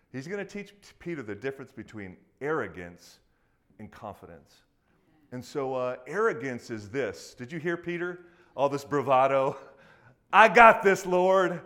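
A man preaching a sermon to a congregation, speaking casually and acting out quoted voices with lively emphasis. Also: mid-range voice. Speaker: pastor.

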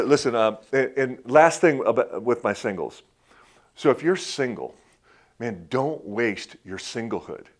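Folksy middle-aged preacher, halting and chuckling. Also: male voice, on the low side. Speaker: pastor. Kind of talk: conversational sermon with personal stories.

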